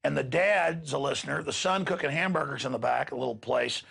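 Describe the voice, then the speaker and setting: A man's voice: mid-range voice, fairly quick, gravelly, fairly bright tone, breathy edge. A middle-aged man, hosting a show and delivering an impassioned, emphatic rant to his listeners. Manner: ranting, emphatic, repeats words when worked up. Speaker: radio show host.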